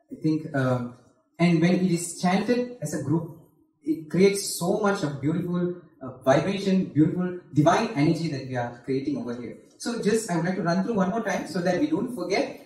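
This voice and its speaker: This spiritual teacher has a high, slightly mellow voice and chants a mantra slowly in a sung tone, explaining each piece patiently to a group and frequently asking "okay?". He's recorded from far off in a reverberant devotional hall.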